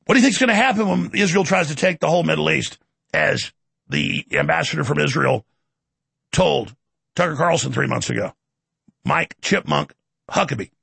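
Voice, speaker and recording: A man hosting his own show, delivering rapid-fire political commentary in a combative, sarcastic way. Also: high voice, expressive, vocal fry, fairly bright tone, slightly rough, dry recording. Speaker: show host.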